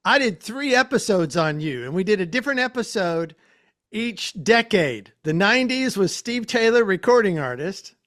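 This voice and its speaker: Age and accent go unstated, but what you hear is a man with a notably high-pitched speaking voice, gushing with praise and laughing often as he hosts a podcast interview. He talks to his guest in a casual, chatty way over a video call. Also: sing-song, fairly bright tone. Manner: effusive, enthusiastic, quick to laugh. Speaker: podcast host.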